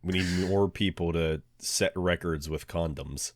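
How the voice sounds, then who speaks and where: A man's voice: low-pitched, a little slow, no echo. A man co-hosting a podcast, joking around in a laid-back way. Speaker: podcast co-host and streamer. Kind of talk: casual banter.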